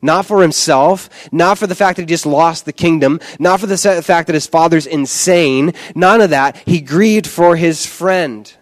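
A man's voice: a little high, moderate pace, few pauses. A male pastor delivering a conversational, emphatic sermon and often repeating words for stress.

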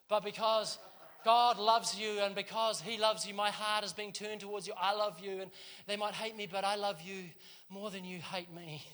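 High bright-voiced preacher man. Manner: animated storytelling, laughs often. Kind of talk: sermon. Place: church.

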